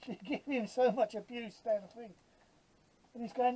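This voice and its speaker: A man's voice: very high-pitched, fairly even intonation, brisk, dark tone, low-quality recording. A man in his fifties with a London Cockney accent, chatting casually while building models, blunt and jokey, swearing freely. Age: 50s. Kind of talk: casual workshop chat.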